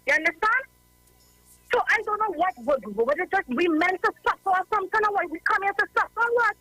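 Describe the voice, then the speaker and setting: A woman's voice: extremely high pitch, fast, bright, forceful tone, no echo, soft background music, poor audio. Impassioned Trinidadian woman caller. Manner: impassioned, fed-up, keeps asking "you understand?". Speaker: radio caller. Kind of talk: call-in radio talk.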